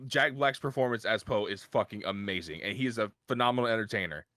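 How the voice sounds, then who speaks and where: A man's voice: lowish voice, fast, sharp tone, no room sound, clean studio sound. A man in a casual podcast chat, emphatic and stammering on his restarts.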